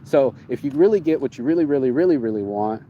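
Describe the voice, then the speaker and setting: Excitable profane man telling stories. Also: mid-range voice, fast talker, dull audio, a little hiss or hum. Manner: excitable, profane, repeats words for emphasis. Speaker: show host. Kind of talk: casual storytelling chat.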